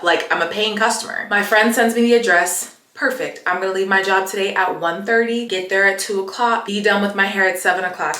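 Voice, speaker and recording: A young woman talks straight to her viewers in a bright, forceful voice, chatty and expressive. She leans into emphatic repeats as she vents. The room around her rings with a noticeable echo. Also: lowish voice. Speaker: vlogger. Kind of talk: casual chat to camera. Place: home, getting ready for the day. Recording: roomy echo.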